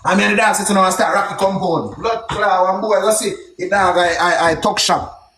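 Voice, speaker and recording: A young man with a Jamaican accent telling a story casually, in a heavy patois with shouted exclamations. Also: high-pitched, brisk, roomy sound, a little hiss or hum. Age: young adult.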